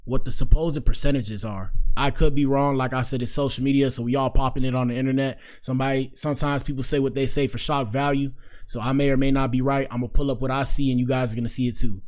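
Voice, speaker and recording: A man's voice: mid-range voice, quick pace. A young man hosting a casual live-stream show, talking in loose slang and reacting aloud to clips and his screen. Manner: slangy, animated, talks back to the screen. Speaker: show host.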